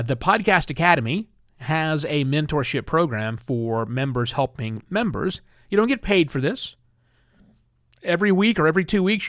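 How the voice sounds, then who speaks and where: A man hosts his solo podcast live, talking lively and loose, with self-deprecating asides. His voice sits a bit high for a man and comes through a close, dry mic with no room sound. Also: no echo. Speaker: podcast host.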